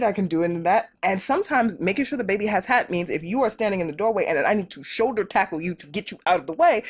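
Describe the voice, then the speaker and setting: With a slightly rough, mid-range voice, the middle-aged woman speaks animatedly as a guest on a political podcast. She drives her points home emphatically, repeating them for force.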